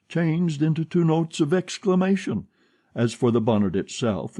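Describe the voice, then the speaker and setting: A man narrating a classic novel as an audiobook, with a lively, expressive reading. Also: on the low side. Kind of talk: scripted narration.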